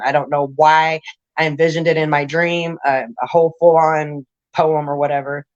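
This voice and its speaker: A woman's voice: sits low, fairly even intonation, brisk, lo-fi sound. A woman telling her life story in a casual interview, blunt and raw, rambling with restarts.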